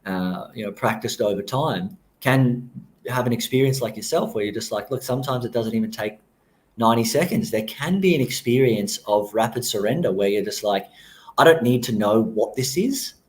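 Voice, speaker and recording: A man explaining his approach calmly and thoughtfully as a guest on a podcast interview. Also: medium pitch, fairly quick.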